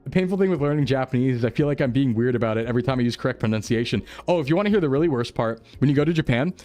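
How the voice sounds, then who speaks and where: Talking at a racing clip, this VTuber's medium-pitched voice is expressive and a little mellow. He's a young man playing a geography game on stream, chatting casually with viewers and laughing and joking often, with faint background music behind him.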